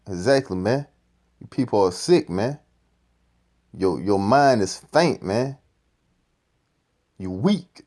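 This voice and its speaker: A man's voice: on the low side, expressive, slow, long pauses, a little mellow. A man giving profane, ranting scripture commentary, repeating "man" at the end of phrases. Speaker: street-style preacher commenting on a clip.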